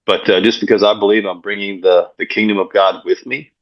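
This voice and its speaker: A man, a pastor and coach, guesting on an interview show and telling stories in an energetic way, often repeating words as he goes. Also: lowish voice, fairly quick. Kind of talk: casual interview storytelling. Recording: dull lo-fi sound.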